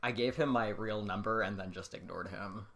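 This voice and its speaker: A woman's voice: extremely low pitch, moderate pace, a little hiss or hum. A young woman from rural Pennsylvania co-hosting a podcast, telling stories in a chatty, rambling way. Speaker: podcast co-host. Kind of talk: casual chat.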